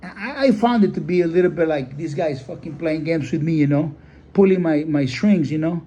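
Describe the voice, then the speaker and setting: A man's voice: fairly high pitch, normal speed, dark tone. A man who breeds dogs tells a story in casual talk. He rambles, leans on "you know", and speaks bluntly with some swearing. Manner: rambling, filler-heavy, blunt and profane. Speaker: dog breeder.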